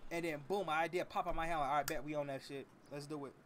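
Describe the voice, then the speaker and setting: A young man streaming a roleplay game, chatting loudly in rambling, slang-heavy talk full of "like"s. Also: fairly high pitch, steady tone, fast talker, a little hiss or hum. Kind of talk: casual chat while streaming a roleplay game.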